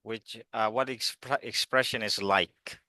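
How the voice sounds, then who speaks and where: A man's voice: lowish voice, steady tone, takes it slowly, pushed and bright, dry recording. A man teaching an online English class, encouraging students and calling on them by name.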